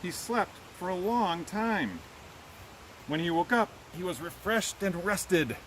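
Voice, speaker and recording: High-voiced man reading to children. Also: takes it slowly, a little hiss or hum, low-quality recording. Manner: animated, asks children questions. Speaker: teacher reading aloud. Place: outdoors.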